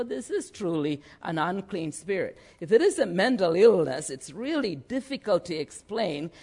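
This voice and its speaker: A man preaching a sermon, slow and lively, often checking in with his listeners. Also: high-pitched. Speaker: pastor.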